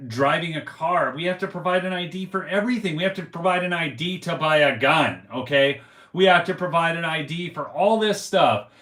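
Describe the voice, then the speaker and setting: A man's voice: a little high, a bit bright. A man hosting a casual political commentary show, talking in a rambling, folksy way full of fillers and restarts. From United States. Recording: roomy echo.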